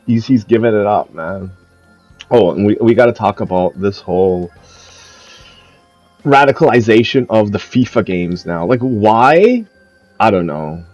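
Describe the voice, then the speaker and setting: A man's voice: fairly low pitch, expressive, a little slow, long pauses, darkish tone, no room sound, highs cut off, faint music behind. A young man ranting in a casual, profane and mocking way, rambling between thoughts. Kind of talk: casual rant.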